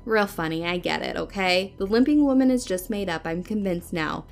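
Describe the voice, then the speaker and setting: A woman voicing a skeptical young woman friend in a spooky story, speaking in a sarcastic, brisk way. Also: mid-range voice, lively intonation, vocal fry, soft background music. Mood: mocking. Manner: sarcastic, dismissive.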